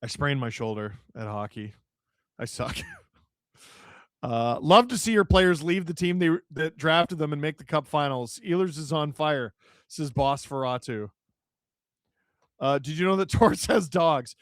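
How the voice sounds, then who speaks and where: A man hosting a live stream, reading viewer chat with jokes and shouting play-by-play when a goal goes in. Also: fairly high pitch, unhurried, long pauses, no echo, clean studio sound. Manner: joking, excitable, shouts on goals. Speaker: livestream host reading chat. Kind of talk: casual live watch-along chat and play-by-play.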